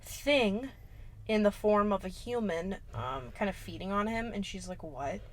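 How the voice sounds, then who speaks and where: A young woman with a middle-pitched voice speaks a little slowly as she co-hosts a casual podcast, recapping a horror film with sass and slang. She swears freely and tosses in playful asides.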